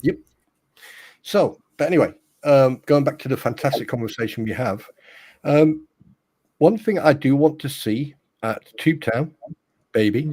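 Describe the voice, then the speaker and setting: A man's voice: mid-range voice, a little slow, pauses often, a little mellow. A man co-hosting a live-stream chat, rambling and teasing with plenty of fillers. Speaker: co-host.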